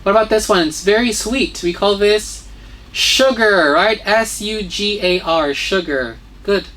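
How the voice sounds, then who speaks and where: A woman's voice: medium pitch, unhurried, fairly bright tone. Patient woman teacher spelling words aloud. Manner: spells words letter by letter, frequent "okay?" and "right?" checks. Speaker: English teacher. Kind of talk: children's vocabulary lesson.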